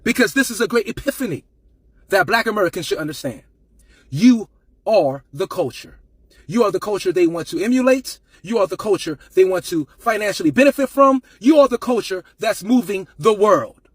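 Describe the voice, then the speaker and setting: Emphatic male commentator, high husky voice, dry close sound, repetitive preaching cadence. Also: lively intonation, moderate pace, no echo. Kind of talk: impassioned rant to camera.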